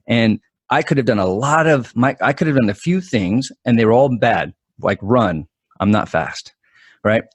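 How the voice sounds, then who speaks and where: A man in his forties, a guest mental performance coach, telling stories in an animated, quick-talking way with frequent restarts. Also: mid-range voice, no echo. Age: 40s. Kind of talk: conversational storytelling.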